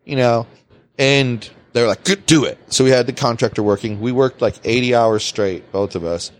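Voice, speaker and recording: A man hosting a podcast, telling a work story in casual chat, swearing freely. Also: moderate pace. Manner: animated, swings pitch widely, swears freely. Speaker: podcast host.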